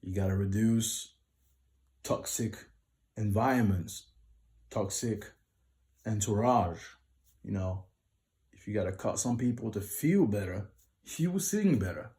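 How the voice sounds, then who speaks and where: A man's voice: fairly low pitch, steady tone, a little slow, pauses often, warm tone. A man who is a singer, giving vocal tips to viewers in a casual tutorial vlog and explaining step by step in short numbered lists.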